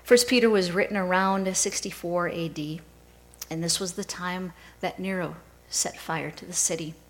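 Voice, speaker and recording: A woman pastor preaching a sermon in a measured storytelling way. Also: fairly low pitch, fairly even intonation, rough recording.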